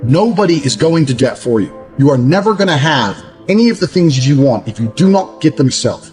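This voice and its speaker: An English motivational speaker rants bluntly and profanely, scornful of others and mocking them in put-on voices. His voice is on the high side with a darkish tone, animated and a little fast, over faint background music.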